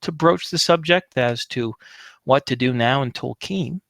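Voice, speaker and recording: A man's voice: mid-range voice, measured pace, vocal fry, a bit bright, no room sound. A man narrating as game master of a tabletop game, wordy and friendly with apologetic asides.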